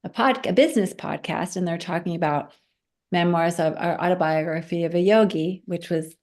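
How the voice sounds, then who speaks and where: A woman's voice: on the low side, normal speed. A woman guest telling a personal story in a casual chat, acting out the voices of the people in it. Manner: animated, acts out quoted voices.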